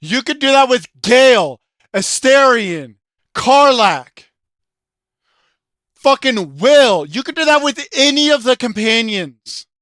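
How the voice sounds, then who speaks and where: A video game commentator in an angry, profane rant, yelling often, with a throat sore from shouting. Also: mid-range voice, expressive, slow, dry recording, clean studio sound.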